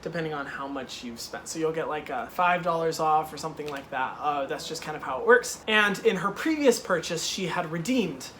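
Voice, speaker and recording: A young man hosting a casual chat, retelling a customer story in an animated, exasperated way with lots of "like". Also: fairly high pitch, a little fast, hardly any pauses, slight background noise. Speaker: host.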